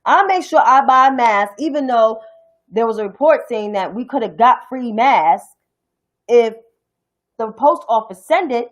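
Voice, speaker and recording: A woman's voice: a little high, expressive, measured pace, lo-fi sound. A young adult woman from New York City with a New York accent, giving a blunt, profane, heated political rant on her own stream. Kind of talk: ranting political commentary.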